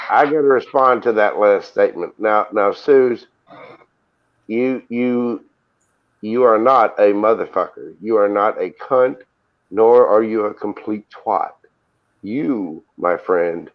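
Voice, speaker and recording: A man, co-hosting a casual live-stream chat in a joking, profane way. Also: fairly low pitch. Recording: muffled lo-fi live-stream audio.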